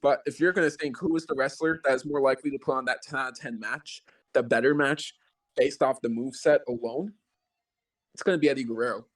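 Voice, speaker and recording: A man hosting a casual podcast debate, weighing both sides in a measured way and keeping score. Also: medium pitch, recorded from a distance. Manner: measured, even-handed, moderating.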